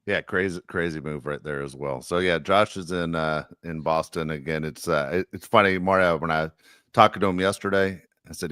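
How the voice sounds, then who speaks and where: Deep-voiced man hosting a sports podcast. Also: a little fast, a bit bright, no room sound, studio quality. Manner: rambling, joking, frequent fillers. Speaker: podcast host. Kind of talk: casual sports podcast chat.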